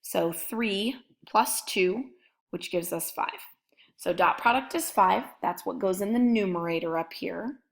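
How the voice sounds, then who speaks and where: Slow, gravelly-voiced woman math teacher. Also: mid-range voice. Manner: methodical, talks through each step while writing. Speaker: math instructor. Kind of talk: recorded math lecture.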